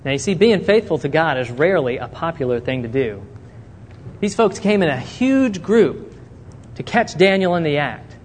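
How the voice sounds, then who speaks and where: A man's voice: fairly high pitch, normal speed. A man preaching a sermon, telling a Bible story and acting out the characters' words. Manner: animated storytelling, acting out quotes. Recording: long reverb in a hall, faint noise.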